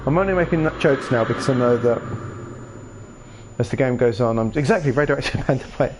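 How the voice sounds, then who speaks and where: A man's voice: mid-range voice, a little fast, background noise. A man giving casual, jokey game commentary with rambling, playful asides. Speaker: gaming streamer.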